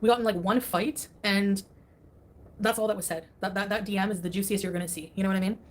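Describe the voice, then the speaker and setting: A woman's voice: medium pitch, fairly even intonation, fast. A woman chatting casually on a livestream, dismissive and scoffing as she talks.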